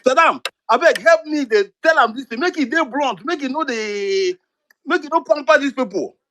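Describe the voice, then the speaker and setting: Nigerian guy pleading hard on a live audio chat, high pitched voice, keeps repeating himself. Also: animated, normal speed, fairly bright tone, slight background noise. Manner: repetitive, pleading, mixes in pidgin. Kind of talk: impassioned political talk.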